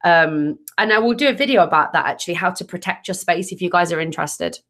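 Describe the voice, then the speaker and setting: Woman hosting a relaxed live stream as a tarot reader: upbeat and chatty, reads comments aloud. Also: on the low side, fast talker. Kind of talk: casual live stream chat.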